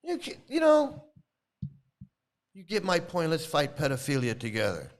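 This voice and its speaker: Middle-aged male host, profane and confrontational, fairly high voice with big, lively pitch swings. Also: normal speed. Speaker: YouTube channel host. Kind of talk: profane live-stream rant.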